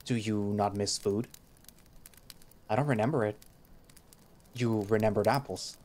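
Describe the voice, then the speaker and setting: A man's voice: fairly low pitch, steady tone, a little slow, darkish tone, lightly acted. A man voicing a stoic male creature warrior who speaks formally, in a visual novel reading. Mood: gentle. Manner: formal speech without contractions.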